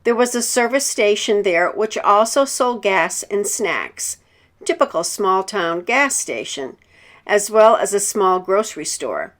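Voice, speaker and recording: Woman, story narrator, calm measured reading, mid-pitched voice, scripted narration.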